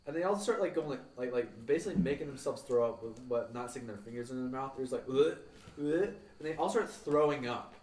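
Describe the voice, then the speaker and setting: A man's voice: mid-range voice, expressive, fast, hardly any pauses, a little mellow. A young man, a podcast co-host, telling rambling, profane stories about school and acting out the people in them. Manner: rambling, swears, acts out quoted people. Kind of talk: casual storytelling. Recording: echoey room, mic at a distance.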